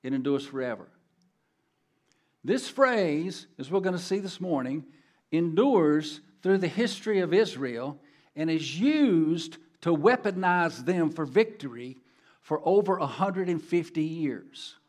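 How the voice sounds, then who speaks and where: A middle-aged man preaching a sermon as a guest speaker in church, emphatic and swinging between quiet and loud. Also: a little high, animated, measured pace. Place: church sanctuary.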